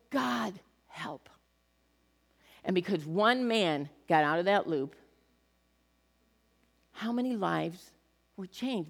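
Woman preaching in a reverberant hall. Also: fairly high pitch. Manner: animated, acts out quoted voices with big swings in loudness. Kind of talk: sermon.

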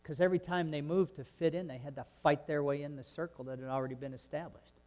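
Male pastor, raised in Canada, fairly high voice; emphatic sermon delivery, reverberant sanctuary. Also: fairly even intonation, quick pace. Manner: emphatic, swings between soft asides and loud exclamations.

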